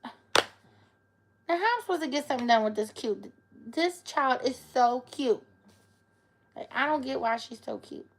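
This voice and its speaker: A woman's voice: sits high, expressive, normal speed, pauses often. A woman chatting on a live stream, playful and cooing at her pets in baby talk. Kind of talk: casual live-stream chat.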